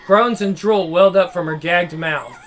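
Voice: mid-range voice, normal speed, faint music behind. A reader narrating a horror visual novel aloud, dramatic and broken by nervous laughs.

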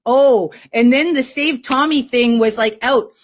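Woman guest, somewhat high voice, casual storyteller who rambles and fills gaps with "like". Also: measured pace. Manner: rambling, many fillers. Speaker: interview guest.

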